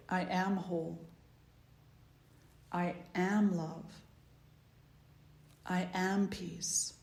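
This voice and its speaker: Woman spiritual teacher, lowish voice, very slow and meditative delivery, echoey room. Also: a little mellow. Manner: slow, meditative, repeating phrases for emphasis. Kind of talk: spiritual talk.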